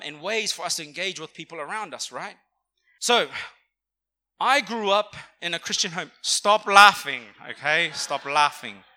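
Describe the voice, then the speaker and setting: A young man preaching a sermon in a church, talking conversationally and calling on the congregation to respond. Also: sits high. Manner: energetic, conversational, calls for audience response. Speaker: pastor. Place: church auditorium.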